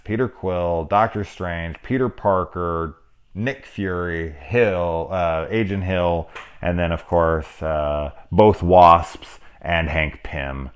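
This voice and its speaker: A man with a very low, deep voice talks through a movie in loose, casual review style. He rambles, drops in swear words, and chuckles at his own asides. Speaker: film reviewer. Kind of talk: casual spoilery movie discussion.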